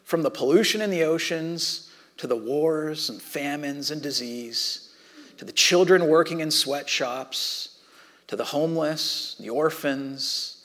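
Man, pastor, sermon, fairly high voice, conversational, loud-to-hushed swings.

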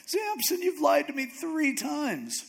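A man voicing a scheming woman who nags and pleads in a high, whiny voice. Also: expressive, slow, vocal fry, fairly bright tone, exaggerated voice. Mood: whining. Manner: high-pitched, pleading and shrill.

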